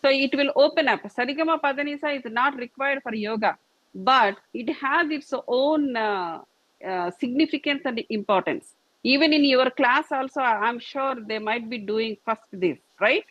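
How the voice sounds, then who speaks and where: A yoga and meditation teacher with a high voice speaks at a moderate pace, patiently and repetitively demonstrating each posture with gestures. The sound is a dull, lo-fi, dry recording with no echo.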